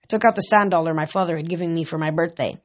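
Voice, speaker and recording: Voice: mid-range voice, very fast. A casual first-person audiobook narration with a plain, unpolished delivery. The reader often stumbles over a word and corrects it before going on. It sounds like a home reading rather than a studio production.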